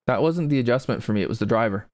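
A man's voice: medium pitch, animated, rapid-fire, a little mellow, dry recording. Chatty man with a dry, close sound. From grew up with English parents, not in Britain. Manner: chatty, rambling, self-deprecating. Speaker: gaming streamer playing golf. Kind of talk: casual commentary while playing.

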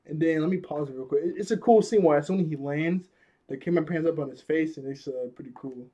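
Husky young man recapping an episode. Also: fairly high pitch, fast talker, mellow, lo-fi sound. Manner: rambling, laughing often, many restarts. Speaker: anime reviewer.

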